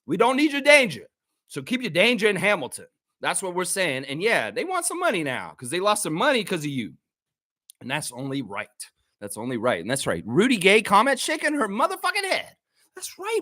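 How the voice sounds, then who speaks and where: A man's voice: on the high side, pushed and bright, no echo. A man hosting a live basketball fan stream, ranting in a mocking, profane way and reading chat comments aloud. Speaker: host of a fan livestream. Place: friend's home.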